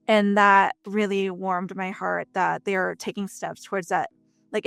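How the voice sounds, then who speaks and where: A woman's voice: medium pitch, gravelly, no echo. Chatty young woman from Texas. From Texas, United States. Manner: chatty, frequent fillers and lively quoted asides. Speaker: voice actress guest. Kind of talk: casual interview chat.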